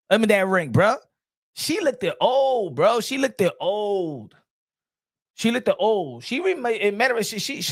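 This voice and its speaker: Animated slangy boxing commentator man. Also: very high voice, dry recording, clean studio sound. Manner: animated, slangy, repeats phrases for emphasis. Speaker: boxing channel host.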